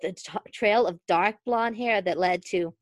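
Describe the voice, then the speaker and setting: Reading a fan fiction story on her podcast, a woman with a medium-pitched voice stays expressive and laughs easily. The audio carries no echo.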